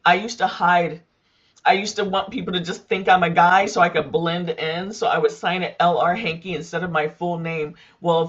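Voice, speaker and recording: A woman's voice: on the low side, highs cut off. A woman who runs a roofing business, telling a personal story candidly in a panel discussion, with frequent fillers.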